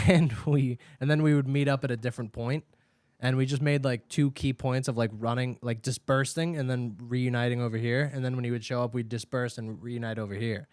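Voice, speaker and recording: A young man co-hosting a podcast, telling stories in a casual chat, animated and laughing, with plenty of swearing. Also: medium pitch, a little fast, no echo. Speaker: podcast co-host.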